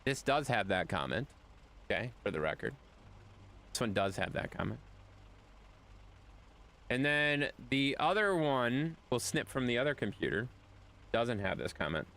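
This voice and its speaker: A man streaming a game live, chatting casually with his viewers, animated and playful with repeated phrases. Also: mid-range voice, a little slow, long pauses.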